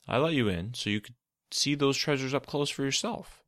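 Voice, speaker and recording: A man's voice: mid-range voice, normal speed, fairly bright tone, no echo, studio quality, voice pushed up, close to an everyday voice. A man voicing a scheming, commanding adult male figure in a storybook reading, speaking in a cool, demanding way with a faint edge of menace. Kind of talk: storybook narration.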